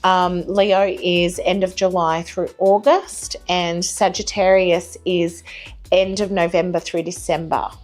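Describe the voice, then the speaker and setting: A woman giving a live tarot reading, reassuring, apologetic and gently chatty. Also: lowish voice, little pitch movement, slow pace, faint music behind. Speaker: tarot reader.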